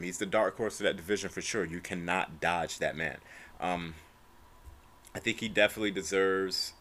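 A young man hosting a solo podcast, ranting casually about fight news, swearing and tagging lines with bro and man. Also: low voice. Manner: animated, profane, says bro and man constantly. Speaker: podcast host.

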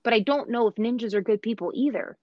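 A woman's voice: on the high side, fast, dry recording, muffled recording. A woman in casual chat, talking in an opinionated way with lots of fillers. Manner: chatty, opinionated, many "like" fillers.

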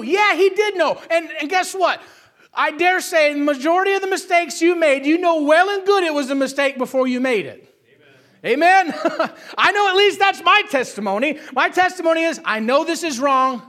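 High, bright-voiced man preaching. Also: expressive, a little slow. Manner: emphatic, swings between shouting and hushed asides, keeps asking "Amen?". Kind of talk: sermon.

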